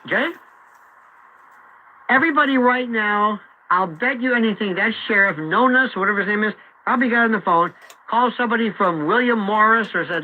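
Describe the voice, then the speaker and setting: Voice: mid-range voice, a little fast, narrow, tinny audio, slight background noise. A radio talk host giving opinionated commentary, talking emphatically and acting out imagined quotes.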